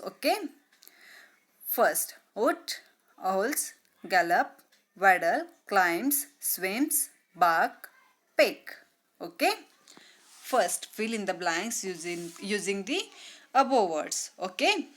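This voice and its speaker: Slow, lively woman teaching children. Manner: slow and deliberate, repeating words; mimics animal sounds in a high voice. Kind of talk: grammar lesson for young children.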